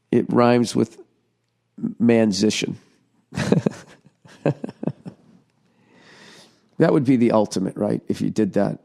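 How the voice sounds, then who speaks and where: A man's voice: on the low side, gravelly, a little mellow. A middle-aged man hosting a podcast, ranting sarcastically through a profane comedic monologue. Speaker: podcast host.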